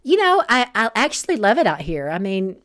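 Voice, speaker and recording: A woman's voice: medium pitch, sing-song, brisk, fairly bright tone. Chatty woman author on a livestream. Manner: rambling and chatty, with many fillers and restarts. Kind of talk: casual live-stream chat, reading viewer comments.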